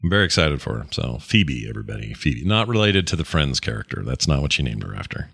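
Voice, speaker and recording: A man's voice: rumbling low, very animated, quick pace, a bit bright, slightly rough, no room sound, studio quality. A man from Utah co-hosting a podcast, chatting in a rambling, joking, self-deprecating way. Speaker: podcast co-host. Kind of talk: casual chat.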